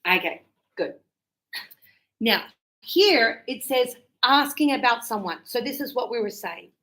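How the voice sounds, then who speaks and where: A woman leads a lesson in a classroom. Her voice sits high and swoops widely as she plays out little greetings. She keeps an unhurried pace so students can follow. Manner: animated, acts out dialogues with sing-song high-pitched lines. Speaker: English teacher.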